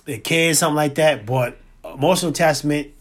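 A man co-hosting a podcast in casual chat, slangy and laid-back, repeating points slowly for emphasis. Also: fairly high pitch. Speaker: podcast co-host.

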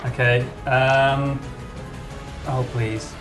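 A man's voice: medium pitch, fairly even intonation, extremely slow. Guy playing d&d, keen reactions, echoey room, music. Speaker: player.

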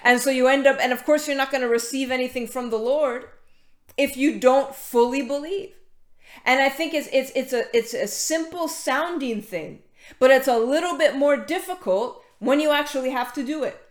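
This high-voiced woman talks at normal speed while preaching an informal sermon. She mixes scripture reading with chatty asides, often restarting and using fillers, and welcomes latecomers mid-talk; the room sounds echoey.

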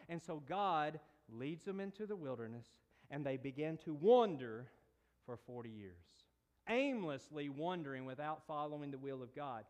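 A man preaching a sermon, retelling a scripture story with playful asides and big swings between quiet and emphatic delivery. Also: lively intonation, moderate pace. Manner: storytelling, rises and drops in pitch and volume, playful asides.

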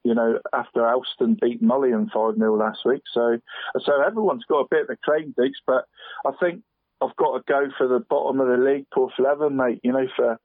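A man's voice: mid-range voice, steady tone, brisk, no echo. A man co-hosting casual local football chat, rambling and friendly, saying "mate" every few words and laughing often. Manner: chatty, says "mate" constantly, laughs often. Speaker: co-host picking team of the week. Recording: dry tinny phone-line sound.

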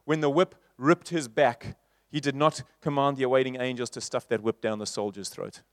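A man preaching a sermon in a church, moving from loud repeated refrains to soft, slow passages. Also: medium pitch, fairly even intonation, no room sound, clean studio sound. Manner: rhetorical, building to loud repeated refrains then dropping soft.

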